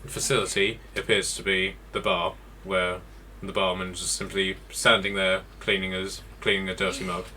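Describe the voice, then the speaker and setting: A man's voice: low voice, flat delivery, normal speed, few pauses, bright, forceful tone, a little hiss or hum. A man running a tabletop game as game master, narrating scenes with many ums and restarts.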